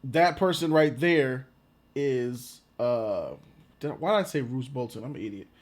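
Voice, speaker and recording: A man giving a casual, rambling reaction to a movie trailer, excitable and quick to laugh. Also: mid-range voice, a little hiss or hum.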